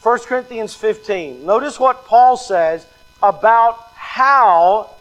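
High-voiced man preaching a sermon. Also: lively intonation, slow, fairly bright tone, poor audio. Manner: emphatic, repeats key lines, acts out quoted excuses. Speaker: pastor.

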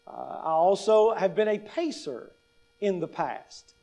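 Here a pastor in his fifties talks in a warm, high voice at a measured pace. It's a conversational teaching talk on public speaking, full of wry humor and repeated checks of "right?"

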